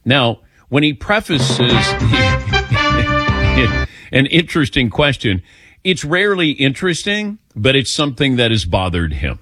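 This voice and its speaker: Husky-voiced sports radio host. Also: male voice, medium pitch, normal speed, faint music behind. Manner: relaxed, conversational. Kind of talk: casual sports radio talk.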